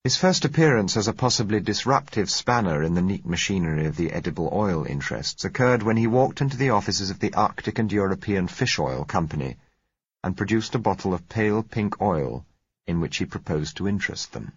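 A man reading a novel aloud as narrator, in a steady and measured storytelling manner. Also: sits low, husky, dry recording, lo-fi sound. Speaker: audiobook narrator. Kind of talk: scripted narration.

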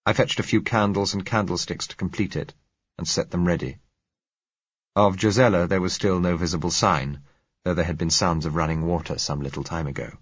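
A man narrating a novel in first person, in a measured, reflective way. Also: deep voice, fairly even intonation, husky, no room sound, lo-fi sound. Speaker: audiobook narrator.

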